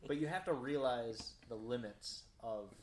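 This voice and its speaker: A man's voice: mid-range voice, slight background noise. Chatty man in an echoey room. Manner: chatty, quick to agree and add numbers. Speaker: podcast co-host. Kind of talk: casual shop-talk podcast.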